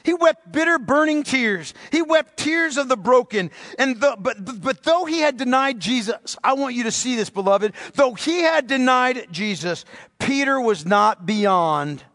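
A man's voice: very high-pitched, animated, unhurried, fairly bright tone. A man preaching a sermon as pastor, impassioned and repetitive, often addressing the congregation as beloved. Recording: long hall reverb.

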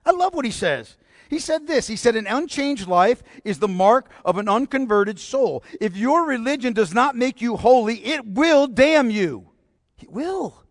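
Preacher, male, high-pitched, forceful sermon delivery with rhetorical questions, close and dry. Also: no echo. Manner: bold, emphatic preaching with repeated rhetorical questions.

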